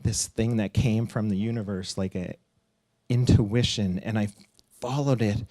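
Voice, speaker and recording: A middle-aged man telling a personal story live on stage, animated and swearing at times, leaping up in pitch as he acts out what people said. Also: measured pace, no echo, clean studio sound. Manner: animated, acts out quotes with big pitch jumps, laughs and swears.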